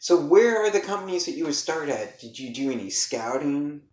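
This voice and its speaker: A man's voice: fairly high pitch, expressive, normal speed. A man co-hosting a podcast in laid-back casual chat, often calling people "man". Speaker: podcast co-host. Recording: echoey room.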